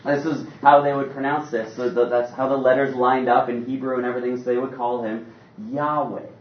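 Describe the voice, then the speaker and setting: A man preaching a sermon in an animated, conversational way with playful asides. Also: medium pitch, fairly quick. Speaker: pastor. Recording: roomy, distant, dull sound.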